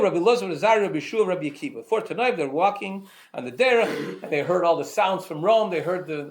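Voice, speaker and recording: Male Torah teacher, high voice that swings widely, emphatic lecture delivery full of rhetorical questions. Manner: repeats words when restarting.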